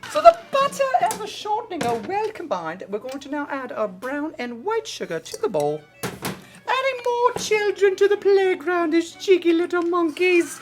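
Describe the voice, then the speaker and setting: A woman's voice: very high-pitched, sing-song, moderate pace, pitched above the performer's own voice. A woman voicing a fussy, perky British woman TV cook in a put-on British accent, with twee, silly asides. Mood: chirpy. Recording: background music.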